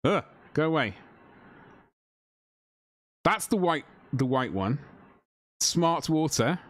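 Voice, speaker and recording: A man's voice: fairly high pitch, big pitch swings, slow, fairly bright tone, no room sound, clean studio sound. A man chatting casually to a live-stream audience while painting miniatures, joking with mock outrage.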